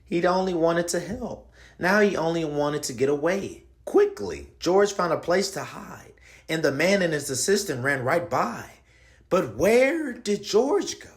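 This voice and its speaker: Slow, expressive man reading a picture book. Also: on the high side, husky. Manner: expressive, playful slang asides. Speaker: read-aloud narrator. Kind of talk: children's picture book read-aloud.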